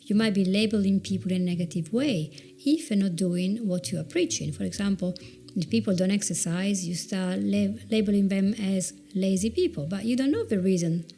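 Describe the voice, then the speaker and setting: Faint music plays behind a chatty Italian-native woman coaching on video presentations. Her mid-range voice is dark and moderately paced, and she pokes fun at herself, repeating words as she thinks through her advice.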